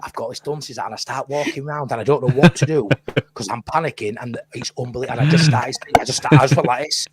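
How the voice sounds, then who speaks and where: A man's voice: mid-range voice, quick pace, a crowd in the background. A man with a Yorkshire accent telling a long story in casual chat, blunt and swearing freely. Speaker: podcast co-host.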